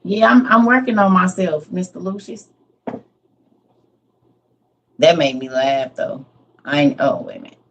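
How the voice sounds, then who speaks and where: A middle-aged woman hosts a relaxed livestream, talking straight to her viewers. She laughs easily and answers comments by name. Her voice sits a little low. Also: moderate pace, highs cut off, a little hiss or hum. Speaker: livestream host. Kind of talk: casual livestream chat with viewers.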